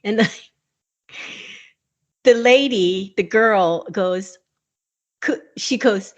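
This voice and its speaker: A woman's voice: medium pitch, very slow, pauses often. A woman in her sixties, a podcast co-host chatting casually and telling a story, laughing often and acting out the people she quotes. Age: 60s. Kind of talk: casual chat.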